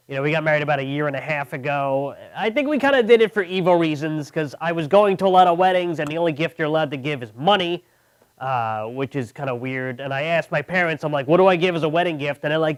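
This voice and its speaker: A young man from Long Island, doing a stand-up comedy set with a deadpan delivery. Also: fairly high pitch, smooth. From Long Island, New York. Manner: deadpan, mocking voices of others. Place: comedy club.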